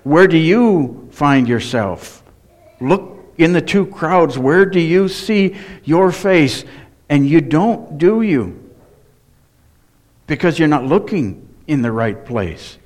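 A man's voice: a little high, animated, slow pace. A man preaching a sermon, earnest and emphatic, often asking the congregation direct questions. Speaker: pastor.

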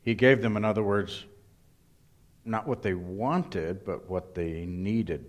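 A man preaching a sermon, emphatic and deliberate, now and then voicing what the crowd thinks. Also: lowish voice. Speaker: pastor.

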